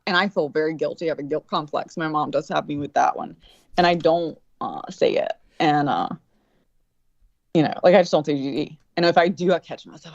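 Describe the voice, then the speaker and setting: A woman's voice: mid-range voice, no room sound. Woman, crude rambling chatter, constant swearing, dry muffled sound. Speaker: co-host. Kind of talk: casual profane chat.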